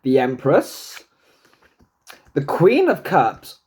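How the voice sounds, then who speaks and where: A man giving a casual tarot reading to camera, swearing freely and joking with himself. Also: moderate pace. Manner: chatty, swears freely, jokes to himself, talks back to the universe; lively pitch, swoops high into silly put-on voices. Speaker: tarot and numerology reader.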